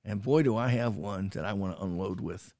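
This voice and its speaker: A man's voice: fairly low pitch, a little fast, darkish tone, no echo, clean studio sound. A man co-hosting a food podcast in casual chat, rambling with restarts and fillers and swearing for emphasis. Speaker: podcast co-host, food critic.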